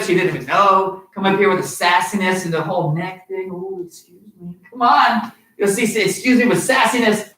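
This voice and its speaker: A man's voice: high voice, bright, forceful tone. An upbeat man leads a children's martial arts class, coaxing and cheering the kids along. His voice sits back from the microphone. The studio around him rings with echo. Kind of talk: live-streamed kids' class teaching. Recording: roomy sound from far off.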